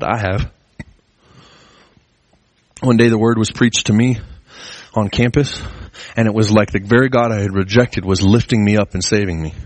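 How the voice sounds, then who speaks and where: A man preaching a sermon in an earnest way, his pitch climbing as he presses his points. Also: dry recording. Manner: earnest, rising pitch when stressing a point. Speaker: pastor.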